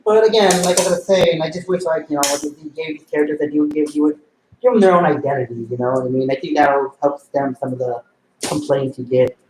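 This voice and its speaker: A man's voice: fairly high pitch, a little fast. A man ranting in a loose, rambling way, with lots of swearing and filler words, while he bags comic books at home. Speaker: comic collector vlogger. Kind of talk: casual rant while bagging comics. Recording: roomy echo with faint noise.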